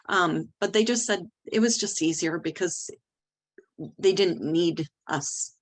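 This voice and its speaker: Woman, middle-aged, slightly low voice, direct and candid, interview storytelling. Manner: candid, direct, animated retelling. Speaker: nursery nurse leader.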